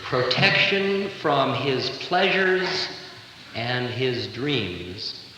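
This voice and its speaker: Animated man lecturing in an echoey hall. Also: medium pitch, very slow, highs cut off, a little hiss or hum. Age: 30s. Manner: animated, playful, conversational. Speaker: spiritual teacher. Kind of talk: spiritual lecture. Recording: echoey 1970 live hall recording.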